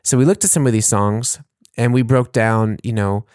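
A man's voice: mid-range voice, moderate pace, darkish tone, clean tone, no room sound. Chatty man with a dry, close sound. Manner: rambling, laughs at his own jokes. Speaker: podcast co-host. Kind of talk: casual chat.

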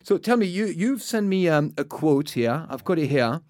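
A man's voice: fairly high pitch, expressive, normal speed, darkish tone, dry recording, studio quality. French-accented male host, curious and hesitant. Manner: curious, hesitant, repeats words. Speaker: podcast host. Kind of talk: casual interview chat.

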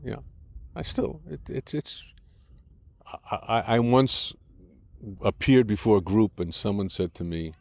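An older American man, a native English speaker, explains and argues his views in a conversational interview, often restarting his sentences. His lowish voice is expressive, unhurried, creaky and a little mellow, with long pauses, in a dry recording.

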